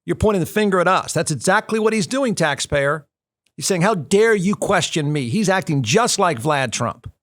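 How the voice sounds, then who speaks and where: A man's voice: on the high side, lively intonation, normal speed, a bit bright, dry recording, studio quality. A male talk show host giving snarky, combative political commentary, hammering his points with repetition. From United States. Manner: snarky, combative, repeats phrases for emphasis.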